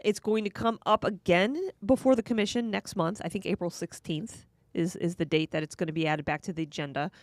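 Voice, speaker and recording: A woman's voice: fairly low pitch, brisk, hardly any pauses, dry recording. A woman co-hosting a casual political talk show, explaining a county program in a chatty way with frequent restarts. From Florida. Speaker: podcast co-host.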